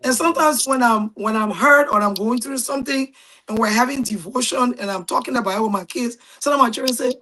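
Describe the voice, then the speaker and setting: A middle-aged woman with a Liberian accent and a high voice tells her stories in a casual, lively way. She bursts into loud quoted voices as she goes. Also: brisk, poor audio. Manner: animated storyteller, shouts quoted voices. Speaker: guest. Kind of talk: casual storytelling.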